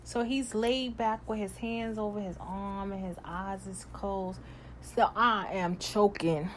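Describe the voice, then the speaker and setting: A young woman telling a personal story in a casual storytime, animated and growing loud and exasperated as she retells events. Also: medium pitch, takes it slowly, slight background noise.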